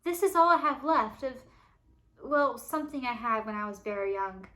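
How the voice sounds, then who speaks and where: A woman's voice: fairly high pitch, normal speed, sharp tone. A woman voicing a timid, earnest peasant boy in a storybook read-aloud.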